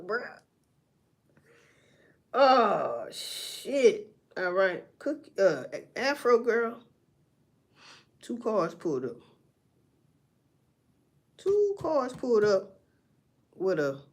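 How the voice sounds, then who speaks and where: A woman's voice: a little high, husky. A woman doing casual livestream commentary, blunt and profane as she talks through a story. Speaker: livestream host.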